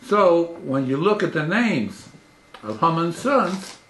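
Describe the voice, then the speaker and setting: A man lecturing as a professor, his voice pitched a little above the usual for a man. He talks haltingly, restarting phrases and jumping up in pitch to stress key words. The room around him rings with echo. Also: big pitch swings, fairly bright tone, a little hiss or hum. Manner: halting, with repeated restarts and frequent pitch jumps for emphasis. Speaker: professor giving a talk.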